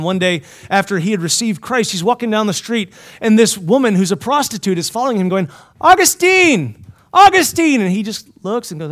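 A high-pitched man delivers a sermon to a Bible college chapel. He keeps asking his listeners questions and swings between forceful emphasis and quiet, hushed lines. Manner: asks the listeners many questions. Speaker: preacher.

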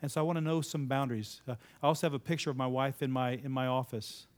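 Speaking fast with fairly even intonation, this mid-range male voice delivers a sermon-style talk to a live crowd. He poses questions, echoes what the audience answers, and occasionally surges into sudden emphasis.

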